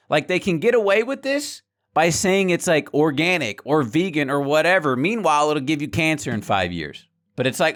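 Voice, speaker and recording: This man's voice sits on the high side and is a bit bright, with big swings in pitch at a moderate pace. He's a small gaming YouTuber and streamer delivering a candid vlog rant to camera. Frank and heated, he curses freely and repeats himself as his temper rises.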